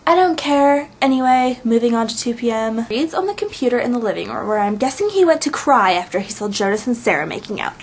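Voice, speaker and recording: A woman casually recapping a web series episode, chatty and sarcastic, full of "like" and quick eye-rolling asides. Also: fairly high pitch, expressive, slight background noise.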